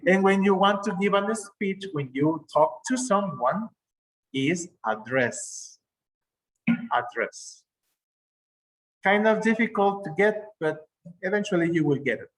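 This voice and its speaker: A man's voice: high voice, low-quality recording. A male English teacher, explaining words patiently with examples over a video call. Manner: slow, explaining patiently with examples and self-corrections. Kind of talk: online class lesson.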